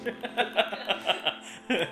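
A man's voice: extremely slow, pushed and bright. A father co-hosting a gameplay video with his son, joking, teasing and laughing a lot as he plays. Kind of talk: playful gaming commentary. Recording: roomy echo with background music.

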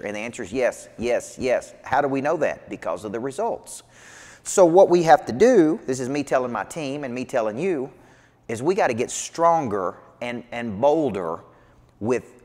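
A man giving an energetic motivational sales talk as a business coach, emphatic and repetitive. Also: medium pitch. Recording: long hall reverb.

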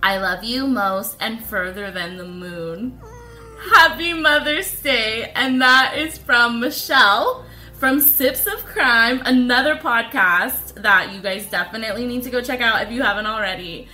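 A woman co-hosts a casual podcast, reading messages and laughing along with her partner. Her voice is bright and somewhat high. Faint music plays in the background. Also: measured pace. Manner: laughs a lot, sentimental. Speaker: podcast co-host.

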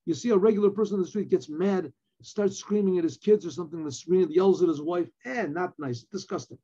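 Animated rabbi teaching a Torah lesson. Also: male voice, sits high, fast talker, husky, dull audio. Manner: animated, mixes Hebrew phrases with English explanation. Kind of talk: Torah lesson, reading Hebrew text and translating.

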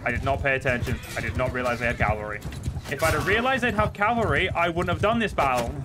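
A man streaming a game, chatting casually and swearing often, with sudden loud outbursts. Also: on the high side, fairly quick, background noise. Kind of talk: casual gameplay commentary. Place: home, seated at a desk.

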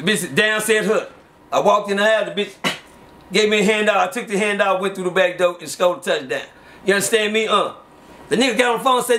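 A middle-aged man spins street tales in an interview. His voice sits high and bright, and he acts out every quote with lively energy. He breaks into laughter often as he talks. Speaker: interview guest. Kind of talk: casual street storytelling.

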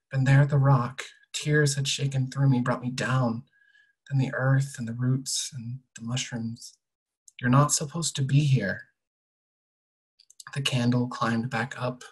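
A young adult author quietly reading an excerpt from their own novel, measured and soft, often trailing off at the ends of sentences. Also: medium pitch, slightly rough, low-quality recording.

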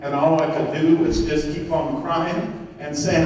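A man preaching a sermon as pastor, swinging from loud, high exclamations to soft murmurs. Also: level tone, unhurried, a little hiss or hum. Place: church sanctuary. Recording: echoey church hall from far off.

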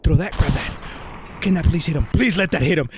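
A man giving excitable, swearing, comedic commentary while playing a game, slipping between English and Spanish slang. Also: a little high, brisk, noisy background. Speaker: VR gaming YouTuber.

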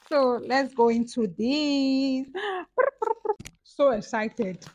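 Excitable Nigerian woman vlogger, slow-talking. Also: fairly high pitch, dry recording, highs cut off. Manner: gushing, excitable. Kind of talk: casual unboxing chat.

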